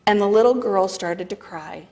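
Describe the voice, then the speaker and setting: A woman's voice: mid-range voice, normal speed. A woman speaker at a spiritual center telling a personal story to a congregation, acting out the dialogue with wry laughter. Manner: animated storytelling with quoted dialogue. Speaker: guest speaker. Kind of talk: storytelling talk.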